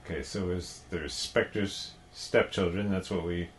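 A man's voice: low-pitched, steady tone, unhurried, a little hiss or hum. A man co-hosting a podcast in casual chat, playful and giggly, often echoing his partner's lines. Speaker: podcast co-host.

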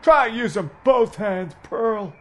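A man voicing an exasperated, grumpy male first officer who grumbles slowly and irritably in a comedy audio parody. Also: high voice, animated. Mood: irritable.

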